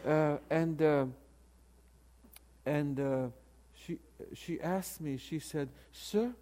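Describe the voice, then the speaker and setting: An older man in his sixties preaches a story, his voice sitting a bit high for a man. He talks in an animated way, often stumbling and restarting his words as he goes. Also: extremely slow. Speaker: preacher and theology professor. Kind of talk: storytelling sermon.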